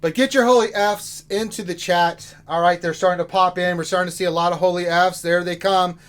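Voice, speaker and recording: A man's voice: high-pitched, fairly even intonation, brisk, fairly bright tone. A man co-hosting a game livestream in casual chat, joking and talking straight to his viewers in a rowdy way. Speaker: livestream co-host.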